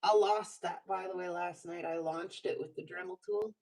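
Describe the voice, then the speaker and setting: A woman's voice: lowish voice, steady tone, normal speed, gravelly, a little mellow, low-quality recording. A woman hosting a casual craft livestream, chatting while she works, laughing often and making fun of herself. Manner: chatty, laughs often, self-mocking asides. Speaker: livestream host making jewelry.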